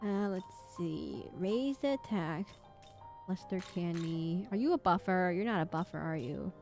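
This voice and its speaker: A woman's voice: lowish voice, lively intonation, unhurried, darkish tone, soft background music. Chatty young woman streaming a game. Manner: rambling, chatty, thinks aloud. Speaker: VTuber streamer. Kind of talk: casual gaming stream chat.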